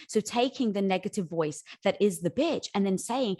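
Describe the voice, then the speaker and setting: A woman's voice: medium pitch, lively intonation, normal speed. A woman guest on a podcast, giving upbeat and affirming advice in easy conversation. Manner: affirming, upbeat, warm address.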